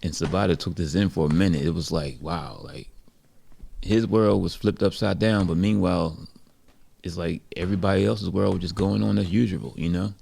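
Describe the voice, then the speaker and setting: A man narrates a story in a relaxed, reflective, conversational way. His voice is very low and heavily gravelly, with a dark, mellow tone. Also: moderate pace. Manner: relaxed, reflective, many "you know" fillers.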